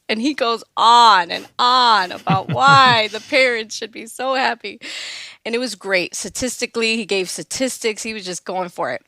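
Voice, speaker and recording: Podcast guest: young woman with a bright voice who animatedly acts out every quoted voice; dry close-mic sound. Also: fairly high pitch, moderate pace, dry recording. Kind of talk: emotional personal storytelling.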